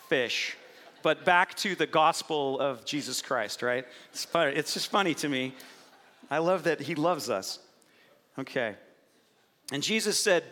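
A man's voice: fairly high pitch, bright, forceful tone, long reverb tail. A man preaching a sermon, reading scripture aloud and then building into passionate, emphatic preaching. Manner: reads scripture then preaches with rising intensity. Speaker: pastor.

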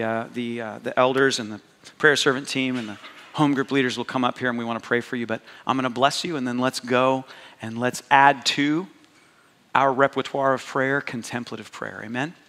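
Pastor preaching slowly in a reverberant hall. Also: male voice, mid-range voice, bright, forceful tone. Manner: slow, intimate, repeats words for emphasis. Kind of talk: sermon.

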